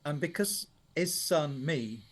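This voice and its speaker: Here a Sheffield-born songwriter in his seventies talks slowly in a somewhat high voice. During his radio interview he's a talkative storyteller, wandering from tale to tale and laughing a lot.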